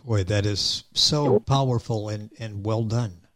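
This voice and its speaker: A man's voice: lowish voice, a little slow, fairly bright tone. A man hosting an interview, speaking enthusiastically with hesitant restarts. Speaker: host.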